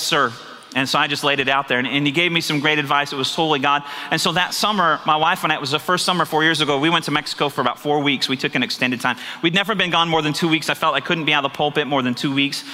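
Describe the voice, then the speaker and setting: A man's voice: a little high, pushed and bright. A man pastor preaching a sermon, earnest and confessional, often asking his listeners rhetorical questions. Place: church sanctuary. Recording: reverberant church hall.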